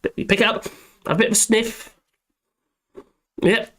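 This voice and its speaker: A man's voice: high voice, fairly even intonation, normal speed, a bit bright. A middle-aged man hosting a live stream, chatting casually in a rambling, jokey, self-deprecating way and chuckling often. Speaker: live stream host reading chat.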